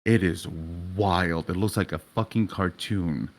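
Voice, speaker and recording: A man's voice: low voice, a little slow. A young adult man narrating a tabletop game as game master, in a vivid, casual way with swearing.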